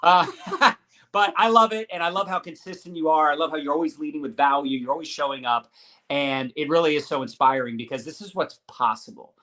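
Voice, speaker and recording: A man's voice: on the high side, a little fast, pushed and bright. A man hosting a live-streamed interview over a video call, talking in an upbeat, hyped-up motivational way. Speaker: host.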